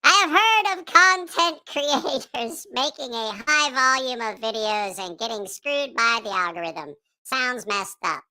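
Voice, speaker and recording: A cranky childlike puppet voice, put on by a man, swearing through its grumbling rants. It swoops high and low and drags its words out slowly, with a bright, sharp edge to the tone. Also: lively intonation, full character voice. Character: squeaky childlike male puppet voice, grumpy and foul-mouthed. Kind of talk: livestream chat in a put-on voice.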